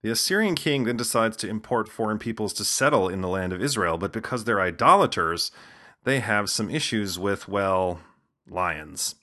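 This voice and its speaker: Male host, lowish voice, dry scripted narration with joking asides. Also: lively intonation, normal speed, bright, forceful tone. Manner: wry, casual asides.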